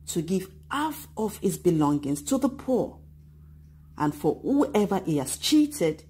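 A woman teaching a children's church lesson, retelling a Bible story and acting out the voices of excited children and grumbling crowds. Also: lowish voice, husky. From Nigeria. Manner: animated, acts out voices of children and Bible figures.

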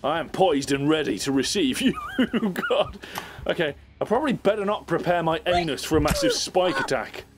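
High squeaky youtuber freaking out over a game, voice all over the place. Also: male voice, very animated, normal speed, over music. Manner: hyper, squealing and laughing. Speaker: gaming YouTuber. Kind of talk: let's play commentary.

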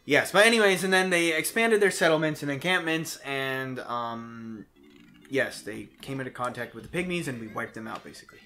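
A man's voice: medium pitch, normal speed, bright, forceful tone, a little hiss or hum. A man co-hosting a video game playthrough, joking and teasing in casual commentary. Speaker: let's play co-host.

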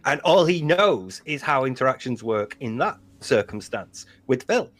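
A man commenting casually on a podcast in an animated way, often laughing. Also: mid-range voice, normal speed.

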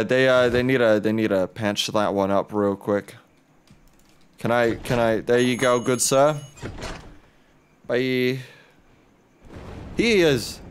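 A young man gives relaxed let's-play commentary at a slow pace. He rambles, jokes and swears freely as he plays. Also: medium pitch, clean tone. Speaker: gaming YouTuber.

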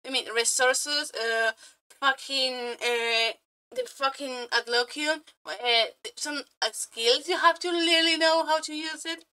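A woman with a bright, sharp, high-pitched voice, reacting to a video with loud excitement. She swears freely and breaks into laughter, and her English phrasing sounds a little non-native. Her delivery is casual and animated. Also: a little slow.

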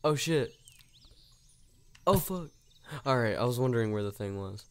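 A man's voice: mid-range voice, lively intonation, moderate pace, clear, resonant tone. A young man co-hosting a video game playthrough, joking crudely and talking through his own moves. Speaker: gaming video co-host. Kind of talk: casual let's-play banter. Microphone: desk mic.

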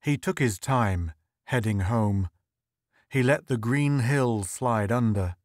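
Male audiobook narrator, unhurried, dry close sound. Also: medium pitch, no echo. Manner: slow, measured storytelling. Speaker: audiobook reader. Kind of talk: scripted narration.

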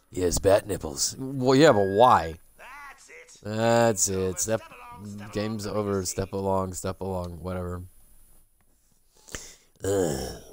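Slow-talking, sarcastic male game streamer. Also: on the low side, a little mellow. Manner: mutters and swears at the game, sarcastic. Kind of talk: casual gameplay commentary.

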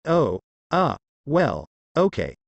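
A man's voice: mid-range voice, very animated, normal speed, no room sound, highs cut off. Rash young soldier, put on by a male reader, swearing, stammering, dry sound. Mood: hesitant. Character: grieving, hot-headed young male soldier.

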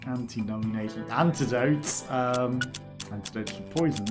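A man's voice: mid-range voice, moderate pace, over music. A man casually commenting while playing a video game, chatty and wry, laughing often as he reads items aloud. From United Kingdom. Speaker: let's play streamer.

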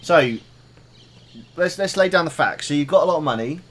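A man's voice: fairly high pitch, expressive, normal speed, a bit bright. Man guiding a friend through a game. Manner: helpful, explains what to do next. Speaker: let's play co-host guiding the player. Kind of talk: casual gameplay chat.

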